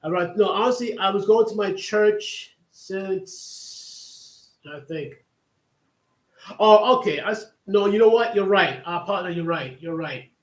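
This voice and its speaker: A man's voice: high-pitched, a little slow. A man hosting a livestream, telling a long casual story that rambles with many restarts and asides. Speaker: livestream host. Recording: echoey room.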